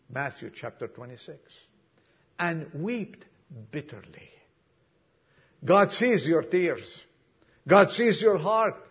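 A man preaching a sermon to a congregation, emphatic, acting out dialogue and dropping suddenly to a hush. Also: high voice, husky, lo-fi sound. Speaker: pastor. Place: church congregation.

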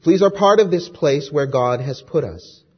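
A man voicing a calm, matter-of-fact young woman prisoner who encourages her sister. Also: fairly high pitch, normal speed, breathy edge, highs cut off, pitched above the performer's own voice. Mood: serene.

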